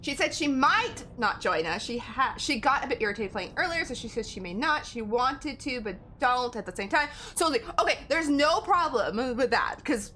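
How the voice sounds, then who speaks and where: A woman's voice: sits high, lively intonation, moderate pace, hardly any pauses, bright, forceful tone, a little hiss or hum. A woman game streamer in casual live-stream chat, rambling and giggling as she talks to her viewers.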